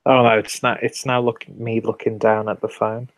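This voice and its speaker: An English man hosting a live beer review stream, chatting casually and reading out viewer comments in a relaxed, rambling way. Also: on the low side, moderate pace, dry recording, low-quality recording. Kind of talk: casual late-night live stream chat.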